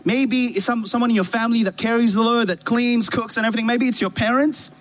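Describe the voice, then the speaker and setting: A man preaching a sermon on a church stage with a band, telling a story in an animated way and often restarting his sentences. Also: very high voice, fast.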